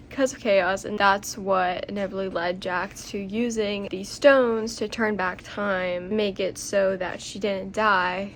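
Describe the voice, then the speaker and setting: A young woman vlogging a casual, chatty book recap, excitable, often acting out quotes from the story. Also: mid-range voice, slight background noise.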